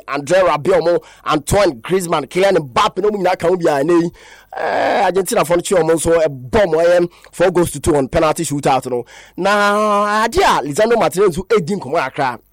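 A man's voice: a little high, no echo, clean studio sound. A man with a Ghanaian accent hosting a radio sports show, rambling through lists of player names and switching between languages. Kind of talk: sports talk radio chat.

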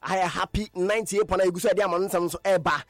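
A man with a Ghanaian accent presenting a radio sports news roundup, animated and emphatic, with repeated stresses on his points. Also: sits high, quick pace, soft background music.

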